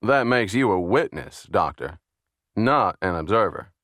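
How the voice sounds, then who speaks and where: A man's voice: on the low side, expressive, measured pace, fairly bright tone, no room sound, clean studio sound. A man reading the lines of a blunt, skeptical male FBI agent in an audiobook. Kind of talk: audiobook character voice.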